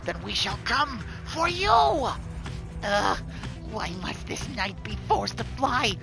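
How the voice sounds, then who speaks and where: A man's voice: very high voice, big pitch swings, slow, vocal fry, voice pushed up, heavily acted. A man voicing a haughty, formal male worm knight who declaims his words, over game music. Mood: indignant.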